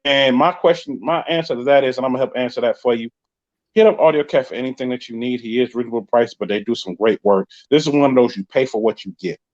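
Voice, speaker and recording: A man's voice: medium pitch, fast, a little mellow, faint music behind. A man with a New York accent hosting a live podcast, chatting casually and joking while reading out viewer comments. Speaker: podcast host. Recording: dull lo-fi sound.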